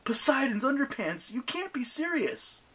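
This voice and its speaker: A wisecracking teenage boy demigod, sarcastic and unimpressed, as a woman reader voices him. He is pitched well above the reader's own voice and sounds a little husky. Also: big pitch swings, moderate pace, heavily acted. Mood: alarmed.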